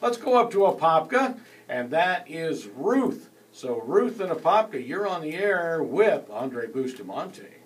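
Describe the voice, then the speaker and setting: A man co-hosting a radio show, reading out phone numbers and station IDs in a brisk announcer delivery. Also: fairly high pitch, sing-song, a little hiss or hum. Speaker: radio co-host. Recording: distant mic.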